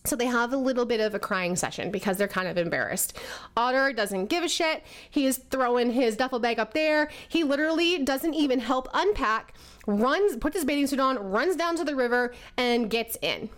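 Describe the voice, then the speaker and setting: A woman explaining personality types through a lively, animated story. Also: a little high, moderate pace. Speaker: presenter.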